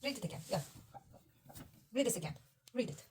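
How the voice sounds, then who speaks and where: Patient high-voiced woman teaching reading. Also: animated, fairly quick, a little mellow, far from the mic, a little hiss or hum. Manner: patient, coaxing, asks many questions. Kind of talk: one-on-one reading lesson.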